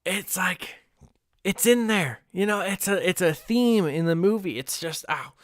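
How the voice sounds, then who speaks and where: A man's voice: high-pitched, measured pace, no echo, clean studio sound. A young man chatting casually on a livestream, candid and rambling, swearing now and then and laughing often. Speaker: streamer.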